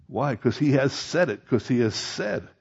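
A man's voice: medium pitch, expressive, moderate pace, creaky, a little mellow, husky, muffled recording. A male pastor preaching a conversational sermon, rising to emphatic peaks on key points.

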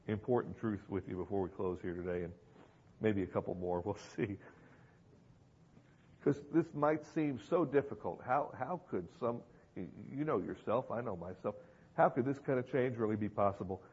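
A man's voice: fairly low pitch, expressive, moderate pace, darkish tone, slightly rough. A man preaching a sermon to a congregation, emphatic and given to repeating phrases and asking rhetorical questions. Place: church hall with an audience. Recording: dull lo-fi recording in a reverberant hall.

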